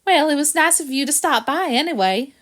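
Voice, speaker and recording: A woman's voice: sits high, expressive, brisk, fairly bright tone, voice pushed up. A woman voicing a sweet, giggly female dog who talks in a sugary, doting way in a storybook.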